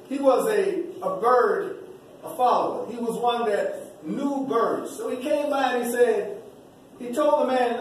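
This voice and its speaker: A man's voice: extremely high pitch, darkish tone. A man giving a preaching-style graduation speech, telling a story with repeated rhythmic phrases, heard from a distance in a large hall. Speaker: graduation speaker. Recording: very echoey hall, distant voice, faint noise.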